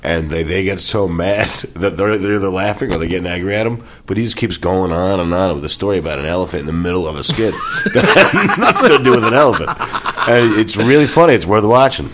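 A man hosting a casual chat, telling animated stories about comedy films, swearing freely. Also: low-pitched, fast talker, a little hiss or hum. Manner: animated storyteller, acts out movie scenes.

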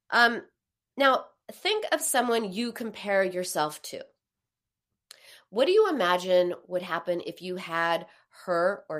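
A woman answering viewer questions in a live talk, explaining thoughtfully and restarting phrases as she searches for words. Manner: animated, acts out inner voices with big pitch jumps.

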